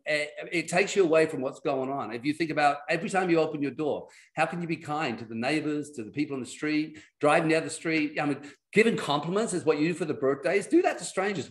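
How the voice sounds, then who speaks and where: A middle-aged man telling personal stories as a guest on a video call, in lively, animated storytelling. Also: a little high. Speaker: guest speaker.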